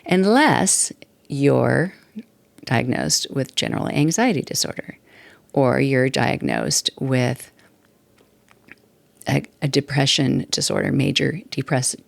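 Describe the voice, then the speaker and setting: A chatty woman in her sixties talks on her own podcast, rambling and laughing as she goes. Her voice has a gravelly fry in it. The recording is dry, with little room sound. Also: very deep voice, big pitch swings, slow, pauses often, no echo. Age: 60s. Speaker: podcast host. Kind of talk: casual solo talk. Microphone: desktop mic at computer.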